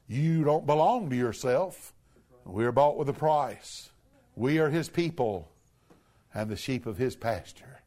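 A man preaching a sermon from a church pulpit, emphatic, with big swoops up to shouted peaks. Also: mid-range voice. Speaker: pastor.

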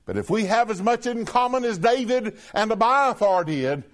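A man preaching a sermon to a congregation, calling them brethren and drawing out quoted scripture slowly. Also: sits high, lively intonation.

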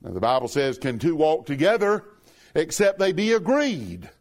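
A man preaching a sermon to a congregation, calling them brethren and drawing out quoted scripture slowly. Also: fairly high pitch, huge pitch swings.

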